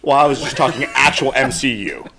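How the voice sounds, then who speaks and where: A man's voice: mid-range voice, steady tone, fairly quick, gravelly, crowd noise. A man co-hosting a casual chat, giving rambling opinions and often correcting himself. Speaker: co-host. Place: small studio.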